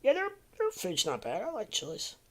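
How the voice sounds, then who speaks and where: A man's voice: sits high, wildly swooping pitch, moderate pace, a bit bright. A man hosting a casual live stream, rambling and muttering to himself between remarks to his viewers. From American Midwest.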